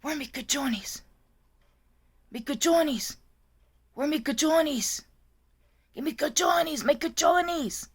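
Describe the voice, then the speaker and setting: A woman voicing a tiny elderly woman who yells the same demand over and over, high and shrill. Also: slow pace, pauses often. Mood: frantic yelling.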